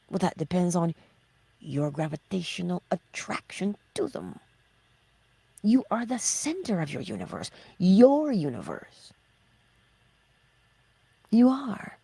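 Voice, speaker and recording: Woman doing a morning motivation talk, mellow gravelly voice, goes quiet and whispery for emphasis. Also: medium pitch, no room sound. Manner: asks rhetorical questions and answers them herself; drops into hushed, whispered emphasis. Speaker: host of a morning inspiration livestream.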